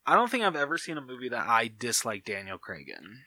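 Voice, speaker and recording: A man co-hosting a podcast, chatting casually with a jokey, lively manner. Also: medium pitch, a little hiss or hum. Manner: lively, jokey, quick reactions. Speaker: podcast co-host. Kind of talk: casual chat.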